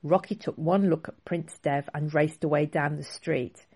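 A woman author reading her own children's book aloud in a clear, expressive storybook style. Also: low-pitched, moderate pace.

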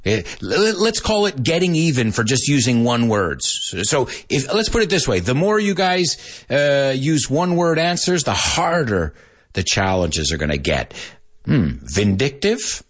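Jokey, animated male English teacher. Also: mid-range voice, unhurried. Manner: jokey, laughs a lot, slips into Spanish asides. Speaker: English teacher and show host. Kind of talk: casual live language lesson.

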